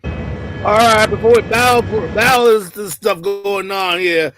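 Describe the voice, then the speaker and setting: A man co-hosting a reaction commentary, loud and mocking, often shouting and mimicking others. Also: sits high, flat delivery, measured pace, soft background music. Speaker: commentary show co-host.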